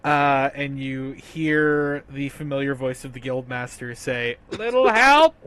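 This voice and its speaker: A man's voice: medium pitch, monotone, measured pace, fairly bright tone, clean tone. A man narrating a tabletop game as game master, easygoing and hesitant, laughing often.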